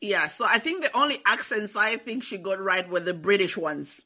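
Woman guest, bright sharp tone, measured and explanatory. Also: medium pitch. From Zambia. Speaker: book club guest. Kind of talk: casual discussion.

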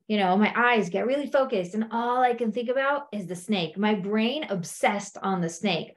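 A middle-aged woman speaking as a coach in a conversational teaching talk, often acting out what people say. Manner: conversational, acts out quotes in high animated voices.

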